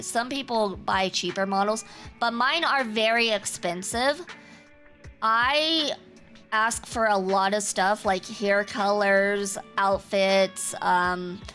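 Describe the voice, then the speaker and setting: A woman's voice: fairly high pitch, fairly bright tone. A woman streamer chatting casually with her viewers, teasing and self-assured. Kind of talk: casual chat with a live chat.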